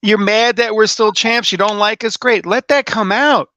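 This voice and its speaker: A man's voice: high-pitched, normal speed, pushed and bright, dry recording, highs cut off. A man who manages wrestlers, chatting on a podcast with boastful, playful heel bravado. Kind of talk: casual podcast chat.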